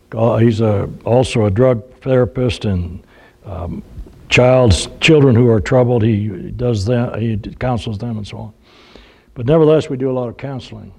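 A man's voice: medium pitch, warm tone. An older man preaching a sermon, telling folksy humorous stories and acting out the voices he quotes.

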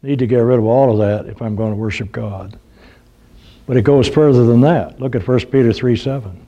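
A man's voice: mid-range voice, brisk, mellow, dull audio. An older man preaching a sermon, telling folksy humorous stories and acting out the voices he quotes.

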